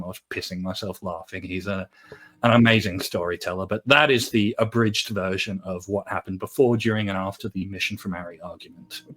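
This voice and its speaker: A man co-hosting a music podcast, telling a story in a casual, animated way. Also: on the low side. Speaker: podcast co-host.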